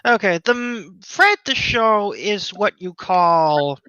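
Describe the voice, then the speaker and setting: Bright-voiced podcast co-host, dry sound. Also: medium pitch, lively intonation, slow pace, clean tone, no echo, muffled recording. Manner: rambling, restarts, frequent "like". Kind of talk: casual chat.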